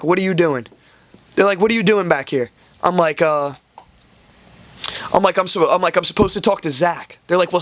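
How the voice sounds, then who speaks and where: A man's voice: fairly high pitch, fairly bright tone. A young man hosting a podcast, telling a rambling, profane story and acting out the people in it. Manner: rambling, swears a lot, acts out quoted people. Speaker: podcast host. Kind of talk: casual storytelling chat.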